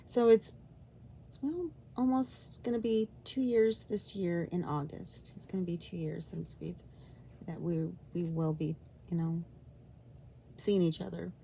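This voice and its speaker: A woman vlogging about her own love life, talking in a halting, rambling way with many restarts and an emotional, sometimes near-whispered delivery. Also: lowish voice, fairly even intonation, gravelly, dark tone, slight background noise. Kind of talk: personal storytelling vlog.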